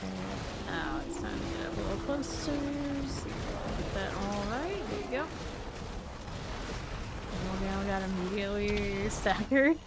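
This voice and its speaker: A woman streaming a video game, chatting casually with her viewers and reacting with quick asides and laughs. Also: medium pitch, lively intonation, heavy background noise. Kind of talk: casual chat while playing.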